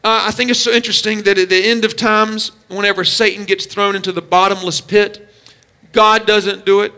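Bright, high-pitched preaching man. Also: little pitch movement. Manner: emphatic preaching with numbered points and drawn-out stresses. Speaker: pastor. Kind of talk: sermon.

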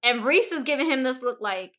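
A woman casually chatting about a book with a co-host, animated and gossipy, full of slang. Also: high voice, brisk. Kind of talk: casual book discussion chat.

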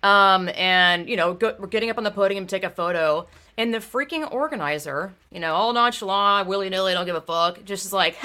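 Heated, blunt woman with a bright voice. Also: medium pitch, fairly quick, smooth. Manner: blunt, swears a lot, gets heated. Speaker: former bike racer. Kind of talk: casual conversation.

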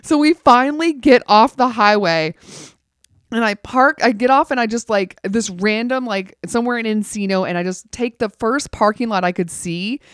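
A woman telling a story in casual chat, animated and wry, with many fillers. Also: on the high side, normal speed, clean tone, no echo, studio quality. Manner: wry, laughs through the telling.

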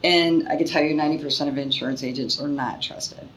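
A woman's voice: low voice, fairly even intonation, quick pace, crowd noise, poor audio. A woman guest explaining her work as an insurance broker, plain and earnest. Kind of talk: interview answers.

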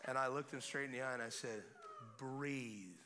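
A man preaching at a revival service, telling a story with swings between hushed quiet and loud excitement. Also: mid-range voice, quick pace, background noise. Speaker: guest preacher. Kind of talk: sermon testimony. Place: church service.

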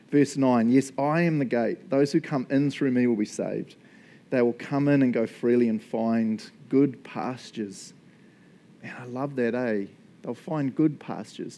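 A man's voice: mid-range voice, mellow. A man, preaching as a pastor, praying and then teaching in an earnest, enthusiastic way with frequent laughs. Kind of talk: sermon with spoken prayer.

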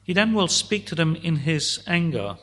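A man preaching a sermon, teaching slowly and deliberately through a psalm and voicing God's words at times. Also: a little high, sing-song, fairly bright tone.

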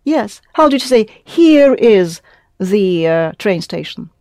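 Speaking slowly in a mid-range, sing-song voice with a slightly mellow tone, a Russian language teacher patiently explains things in English and quizzes her student during a one-on-one lesson. It's studio quality, free of echo.

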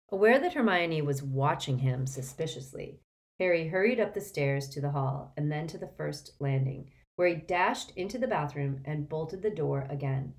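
A woman narrating an audiobook in an expressive, dramatic way. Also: deep voice, moderate pace. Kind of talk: scripted narration.

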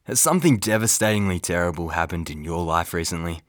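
A man's voice: low-pitched, lively intonation, fast, noisy background. A man impersonating a cheesy male celebrity athlete selling products in a comedic ad parody. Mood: salesy. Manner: salesy, goofy, laughs at himself.

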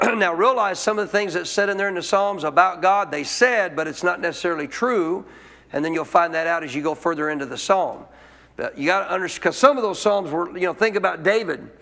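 A man's voice: high-pitched, fairly quick, sharp tone. A man preaching a sermon to a congregation, emphatic, asking questions and repeating his points. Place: church.

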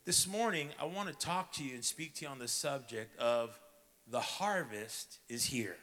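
A man's voice: medium pitch, lively intonation, normal speed, bright, forceful tone. A male pastor preaching a sermon to his congregation, with a dramatic storytelling delivery. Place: church sanctuary. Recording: echoey church hall.

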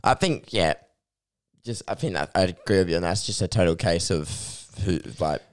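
A man's voice: low-pitched, normal speed, clean tone. A man in casual sports chat, eager and piling up phrases as he builds his point. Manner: enthusiastic, stacks phrases with like and just.

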